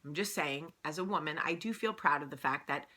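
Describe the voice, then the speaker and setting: Speaking a little fast, this New Jersey woman has a deep, bright voice with forceful energy. As the host of a laid-back morning vlog, she rambles chattily to camera, frequently laughing at her own remarks.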